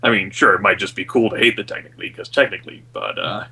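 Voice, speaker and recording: A man's voice: on the low side, fast, creaky, pushed and bright, breathy edge. A man playing a tabletop game, chatting casually and rambling with lots of filler words and swearing. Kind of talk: casual out-of-character table talk.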